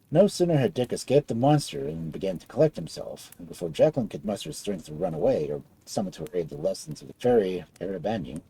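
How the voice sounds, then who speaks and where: A man reading a fairy tale aloud as a storyteller, in an expressive style. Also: vocal fry, husky, low-quality recording. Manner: expressive storybook reading with wide swings in pitch.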